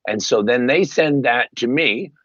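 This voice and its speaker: Man, animated storyteller, dry muffled recording. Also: unhurried, no room sound. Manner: animated storyteller, acts out quotes with big pitch jumps. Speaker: guest, paid sports superfan. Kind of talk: casual interview talk.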